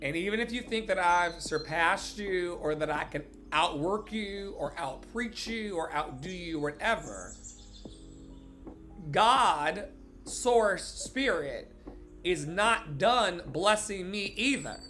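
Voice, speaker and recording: Bright-voiced man preaching with fervor. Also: high-pitched, lively intonation, slow, faint music behind. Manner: emphatic, preacherly, blunt and profane. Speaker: show host and preacher. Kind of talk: impassioned motivational sermon.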